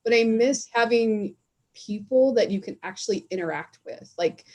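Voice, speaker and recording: A woman's voice: on the high side, normal speed, darkish tone. A woman hosting a casual chat over a video call, talking loosely and joking, laughing often. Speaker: host.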